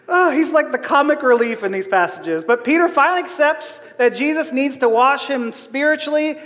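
A man with a very high voice delivers a sermon, joking at his own expense and often breaking into laughter. His voice rings with a long reverb, as if he is in a large hall. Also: a bit bright. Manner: humorous, self-deprecating, laughs often. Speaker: preacher.

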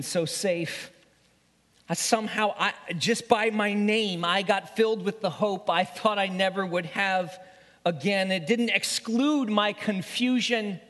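Pastor, dramatic monologue, high voice, unhurried, booming hall echo, emotional, sometimes whispered. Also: male voice. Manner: emotional, swings from pleading to hushed whispers. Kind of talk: first-person dramatic sermon monologue. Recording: long reverb of a large hall.

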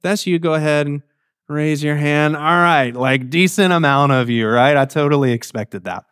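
Male preacher leading a guided meditation, talks straight to the congregation, crisp and resonant. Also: on the high side, normal speed, no room sound, studio quality. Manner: leads listeners gently through imagined scenes, addressing them directly. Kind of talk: guided imaginative meditation in a sermon.

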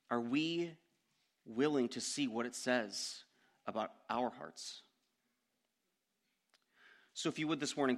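A young man preaching a sermon, telling a personal story in an animated way that climbs into loud outbursts. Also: mid-range voice.

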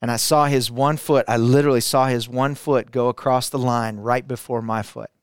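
A middle-aged man from Arkansas telling a personal testimony to a camera, building intensity through repetition and dropping quiet for emphasis. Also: medium pitch, fairly even intonation, normal speed, smooth, no room sound, clean studio sound. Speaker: speaker sharing a personal testimony. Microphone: camera, speaking to it.

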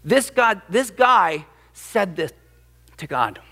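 A man's voice: sits high, very animated, slow, sharp tone. A man preaching a sermon as pastor, emphatic and dramatic, acting out the quotes he cites. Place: church sanctuary. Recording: long reverb of a large hall.

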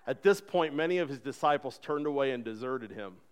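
A man's voice: mid-range voice, lively intonation, brisk, clean tone. A man in his thirties preaching a sermon, earnest and conversational, acting out voices in the stories he tells. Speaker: pastor.

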